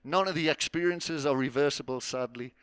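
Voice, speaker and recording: Bright-voiced man hosting. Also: on the high side, fairly quick, smooth, dry recording. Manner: self-mocking, rambling banter. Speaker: host of a spoken word night. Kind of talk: jokey live stage hosting. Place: festival stage before a live audience.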